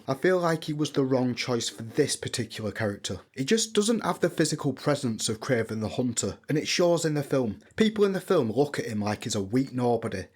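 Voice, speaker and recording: A man delivers a scripted film review at a steady, middle pitch. He is blunt and opinionated. He swears freely when he dislikes something.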